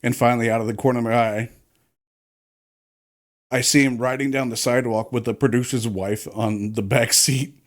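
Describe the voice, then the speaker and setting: A man's voice: medium pitch, fairly even intonation, moderate pace, pauses often. A man who once worked on film crews, chatting casually and telling long, profane stories. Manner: swearing, rambling storyteller. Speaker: former film crew worker. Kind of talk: casual podcast chat.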